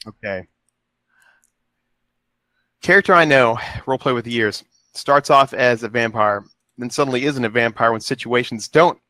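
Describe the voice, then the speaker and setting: A man's voice: medium pitch, pushed and bright, no echo. A man on a casual podcast panel, wry and joking as he gives an example.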